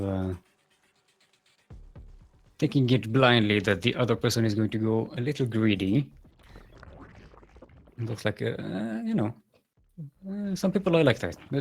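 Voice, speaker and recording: A young man casting a live game match on his own, rambling and joking with many fillers and restarts. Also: on the low side. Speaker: esports caster. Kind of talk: solo live game commentary.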